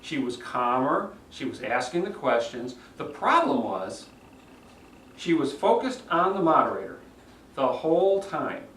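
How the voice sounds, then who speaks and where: Animated male speaking coach, roomy sound. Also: medium pitch, measured pace, a little hiss or hum. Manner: animated, demonstrates delivery himself. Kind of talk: video critique of speeches. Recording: roomy echo, mic at a distance.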